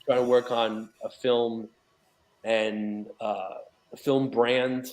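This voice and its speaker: Man from New York, mid-pitched, rambling guest with lots of "um"s and restarts. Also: flat delivery, slow pace, a little mellow. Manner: rambling, many fillers and restarts. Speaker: guest, documentary associate producer. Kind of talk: casual interview conversation.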